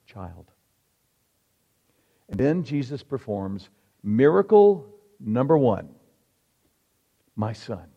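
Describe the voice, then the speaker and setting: A male pastor delivering a sermon, emphatic, with rhetorical questions and dramatic pauses. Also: medium pitch, mellow. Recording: reverberant hall, dull lo-fi sound.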